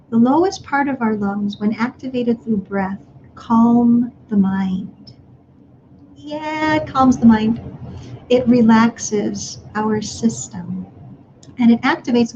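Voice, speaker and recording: A woman speaking to parents in a live online workshop, gently guiding them through breathing exercises. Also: on the high side, dull audio, slight background noise.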